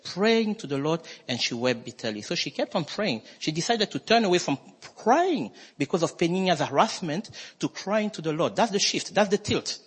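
A man preaching a sermon as pastor, emphatic and swinging his voice between high and low. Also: husky. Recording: long hall reverb.

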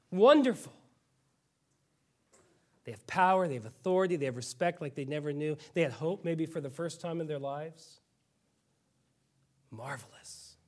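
A male pastor preaching a sermon with animated storytelling, now and then dropping suddenly to a quiet voice. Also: high voice.

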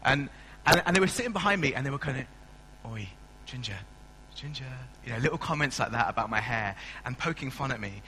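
Bright-voiced preacher. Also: male voice, medium pitch, quick pace, slight background noise, rough recording. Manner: chatty, self-mocking, storytelling. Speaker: pastor. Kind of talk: sermon. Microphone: stand mic.

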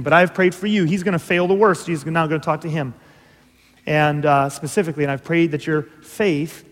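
High-voiced preaching man in a reverberant hall. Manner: earnest, emphatic preaching with dramatic pauses. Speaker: pastor. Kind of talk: sermon.

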